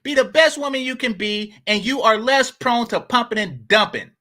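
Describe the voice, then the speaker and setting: A man's voice: very high voice, moderate pace, pushed and bright. A man giving blunt, mocking reaction commentary.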